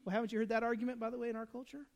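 A male pastor preaches in a relaxed, conversational way, tossing in asides and rhetorical questions. His voice sits high, and it rings out with a long hall reverb. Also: very fast, creaky, lo-fi sound. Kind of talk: sermon.

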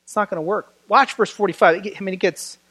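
A man's voice: high-pitched, steady tone, fast, pushed and bright, husky. A man preaching a sermon in a conversational style, acting out the voices he quotes.

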